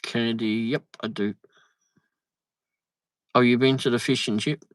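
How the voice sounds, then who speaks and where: The livestream host, a man with a mid-range voice and a steady tone, chats unhurriedly while travelling in a vehicle. He reads viewer comments and mutters asides, and the recording is low quality with no echo.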